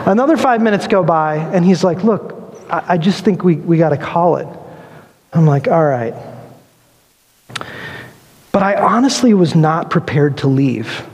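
Pastor, man, high-pitched voice, animated storytelling sermon in a reverberant church hall. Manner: animated storyteller, acts out quoted dialogue, laughs often. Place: church sanctuary.

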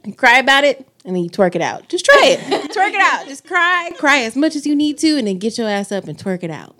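A woman chats on a podcast in a lively, playful way, with casual swearing. Her voice rises high and swings widely when she gets excited. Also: a little fast, a little hiss or hum. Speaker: podcast co-host. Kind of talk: casual chat.

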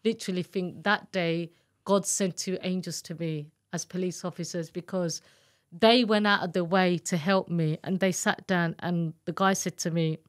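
A woman telling her own story in an interview, candid and earnest, acting out the voices of people she quotes. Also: lowish voice. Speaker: guest, abuse survivor telling her story. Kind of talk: emotional personal storytelling.

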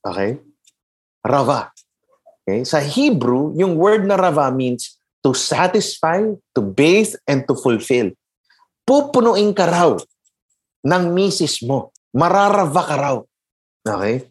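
A Filipino man gives a preaching-style talk in a husky voice. His pitch swings up and down a lot as he moves between English and Tagalog. He keeps turning to the listener with quick "okay?" and "di ba?" checks. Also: sing-song. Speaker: podcast host giving a faith talk.

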